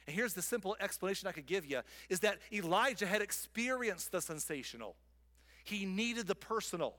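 Preaching man, loud then whispered. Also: high-pitched, lively intonation, brisk. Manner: swings from loud emphatic lines to soft whispers. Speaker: pastor. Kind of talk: sermon. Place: church sanctuary.

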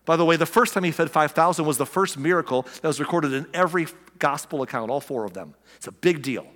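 A male pastor preaching in a casual, animated way, cracking jokes and acting out the people in his story. His voice sits a little high and rings out with a long hall reverb. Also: fast talker. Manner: animated, joking, acts out quotes. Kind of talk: conversational sermon.

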